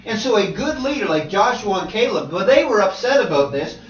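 A male preacher giving an animated sermon, with sudden loud exclamations. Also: sits high, a little fast. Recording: roomy, distant, slightly dull.

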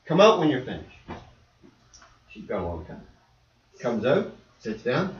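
A male preacher giving a lively sermon and acting out little scenes and voices. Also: mid-range voice, measured pace, pauses often, slight background noise. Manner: animated, acts out voices and dialogue. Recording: echoey hall, distant dull mic.

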